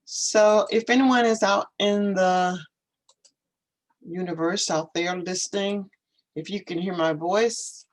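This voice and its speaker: Slow, unhurried english teacher on a video call, muttering through tech steps and asking again and again if anyone can hear. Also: mid-range voice, rough recording. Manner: thinks aloud while troubleshooting, repeats questions. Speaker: English teacher hosting a live stream. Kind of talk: casual live-stream chat. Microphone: computer video call.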